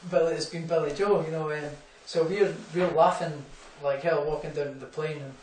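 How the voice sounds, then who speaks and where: This young Scottish man, a boxer, has a voice on the high side with a steady, darkish tone and a normal pace. Heard off-mic in an echoey room with a faint hum, he rambles through anecdotes during a casual interview, laughing and using lots of fillers.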